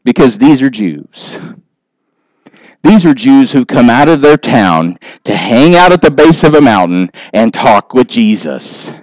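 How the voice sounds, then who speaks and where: A pastor preaching a sermon with animated delivery, briefly acting out the voices of people he describes. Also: medium pitch, measured pace, dry recording, rough recording.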